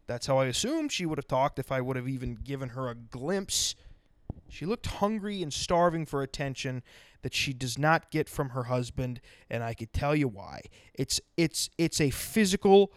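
A man's voice: medium pitch, no echo. A man hosting a podcast, ranting bluntly and sarcastically, swearing constantly. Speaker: podcast host. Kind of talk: profane ranting monologue.

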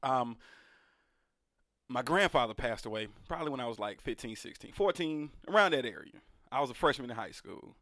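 Young male podcast co-host, earnest and animated, mid-pitched voice in a dry, close sound. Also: brisk, dry recording. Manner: earnest, animated, repeats himself, slangy. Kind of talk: casual chat, storytelling.

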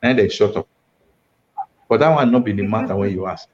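A man's voice: fairly low pitch, brisk, noisy background. A man from Edo State, Nigeria, with a Nigerian accent, a guest recounting his time as a state information official and acting out quoted speech. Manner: animated storyteller, acts out quoted speech. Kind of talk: storytelling in Nigerian Pidgin. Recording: muffled, dull audio.

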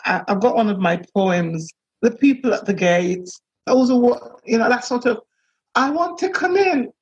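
A woman minister giving an earnest, halting personal account, with many pauses and restarts, on a dull lo-fi recording. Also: medium pitch, darkish tone, slightly rough. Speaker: minister and priest. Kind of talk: reflective personal testimony.

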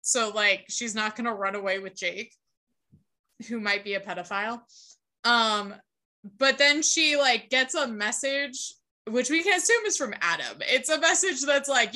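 A young woman with a bright, slightly high voice chats through a TV episode as a podcast co-host. She tells it loosely and animatedly, mixing in swearing and quick impressions of the characters. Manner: animated storytelling, acts out characters' lines, swears and laughs. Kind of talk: casual recap chat.

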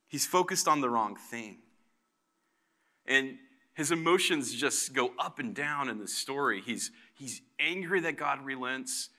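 A man's voice: mid-range voice, bright, forceful tone. A man preaching a sermon in a conversational way, his volume rising and dropping for emphasis. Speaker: pastor.

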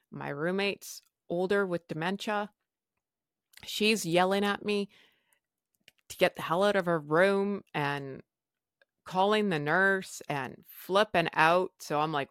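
A woman's voice: on the low side, measured pace, long pauses, a bit bright, no echo, studio quality. A woman hosting a podcast, telling a personal story frankly with wry humor and casual swearing. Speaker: podcast host.

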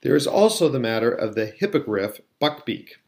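A man voicing an old wizard headmaster who speaks in a measured, formal and courteous way. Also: medium pitch, big pitch swings, darkish tone. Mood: calm.

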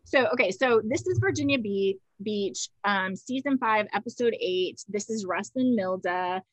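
A woman's voice: mid-range voice, moderate pace. A woman hosting a podcast, chatting casually and retelling scenes with quoted voices. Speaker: podcast host. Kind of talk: casual conversational chat.

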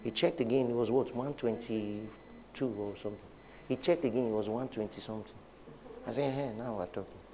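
A man's voice: medium pitch, fairly quick, dark tone. A man preaching a sermon as pastor, leading the congregation in call-and-response declarations.

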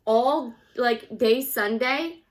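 Woman, 40s, podcast co-host; blunt, swearing, lively delivery in a slightly higher voice. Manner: blunt, profane and animated, quick to laugh. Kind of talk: casual chat.

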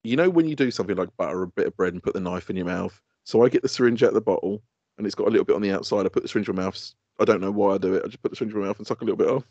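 A man telling casual, animated stories on a podcast, swearing and laughing often. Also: fairly low pitch, rapid-fire, slightly rough, no echo, lo-fi sound. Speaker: podcast co-host. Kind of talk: casual chat.

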